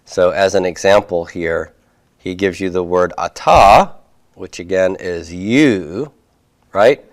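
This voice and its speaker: A man teaching a Hebrew grammar lesson, explaining slowly with many fillers and frequent "okay?" check-ins while he writes on a board. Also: sits low. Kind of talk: recorded classroom lecture.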